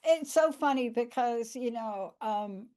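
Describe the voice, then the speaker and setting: A woman's voice: a little high, unhurried, a little mellow. A woman hosting a podcast, telling stories in a chatty, emphatic way and repeating words for stress. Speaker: podcast host. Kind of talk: casual podcast conversation.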